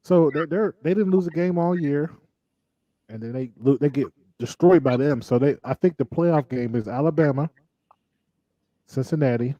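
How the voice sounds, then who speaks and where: A man co-hosting a relaxed talk show, drawling and throwing in mocking asides. His voice is mellow and dark, and the recording sounds dry and a little dull. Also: fairly high pitch, normal speed, dry recording. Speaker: podcast co-host. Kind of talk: casual chat.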